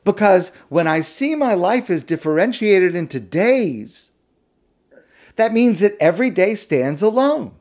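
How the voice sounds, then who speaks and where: Male rabbi, Torah talk; unhurried and emphatic, somewhat high voice. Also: big pitch swings, a little mellow. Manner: emphatic, repeats key words for stress.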